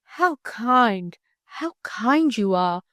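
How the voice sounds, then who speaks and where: A woman voicing a timid, wistful orphaned young girl who speaks softly and hesitantly. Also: mid-range voice, expressive, normal speed, dry recording, lightly acted. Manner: soft, hesitant, tearful.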